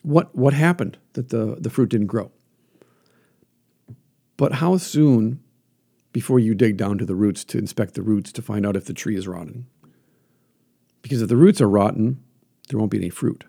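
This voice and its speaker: A man hosting a solo talk, coaching the listener earnestly and putting questions to himself out loud. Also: lowish voice, normal speed, creaky, long pauses, breathy edge. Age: adult, teaches classes. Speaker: podcast host.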